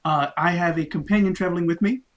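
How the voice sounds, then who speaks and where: A man's voice: high voice, quick pace. A man playing a tabletop game, answering in character in an earnest, slightly hesitant way. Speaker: player. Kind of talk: casual tabletop game play.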